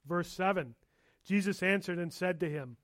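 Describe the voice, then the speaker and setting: A man's voice: sits high, moderate pace, a bit bright, dry recording, clean studio sound. A man preaching a verse-by-verse sermon, reading scripture and pressing key points with rising emphasis. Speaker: pastor.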